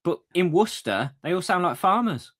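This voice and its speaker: A man's voice: sits high, big pitch swings, fairly quick, a bit bright. A man with a Redditch accent co-hosting a podcast in casual chat, making short blunt remarks and laughing easily. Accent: Redditch, West Midlands. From Redditch, England. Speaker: podcast co-host.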